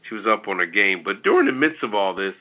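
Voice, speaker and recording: A man's voice: on the low side, fast. Blunt male talk show co-host, tinny. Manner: blunt, animated, with frequent restarts. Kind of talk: opinionated casual commentary. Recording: tinny phone-like audio.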